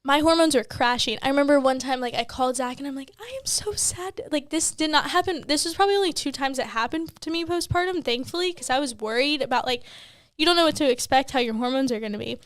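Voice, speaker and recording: A woman's voice: sits high, fast talker, no room sound. A young woman and new mom co-hosting a podcast, rambling candidly with lots of "like" and casual swearing. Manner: rambling, heavy on "like", swears freely.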